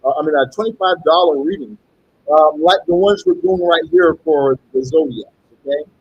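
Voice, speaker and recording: A man reading tarot and pitching paid rituals in a salesy way, often repeating "okay" and "you guys.". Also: normal speed, breathy edge, highs cut off. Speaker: tarot reader and spell seller.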